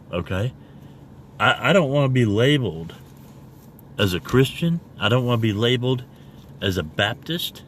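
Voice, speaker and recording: Slow-talking man preaching to camera. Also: mid-range voice, a little hiss or hum. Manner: rambling, repeats "okay?" after each point; spells words out slowly letter by letter. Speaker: self-made online preacher. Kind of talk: casual video review and preaching.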